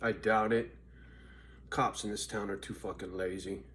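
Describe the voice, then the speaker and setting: A man's voice: lowish voice, fairly even intonation, normal speed, fairly bright tone, a little hiss or hum. A middle-aged man telling a rambling story in casual vlog style, swearing constantly and laughing at himself. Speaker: vlogger.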